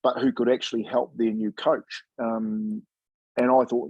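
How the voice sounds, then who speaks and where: Husky-voiced man telling stories easygoingly. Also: mid-range voice, fairly even intonation, fairly quick, a little mellow, dry recording, poor audio. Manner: laid-back, chatty, says "mate" often, acts out quoted dialogue. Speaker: former rugby league player and coach, guest. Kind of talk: casual storytelling interview.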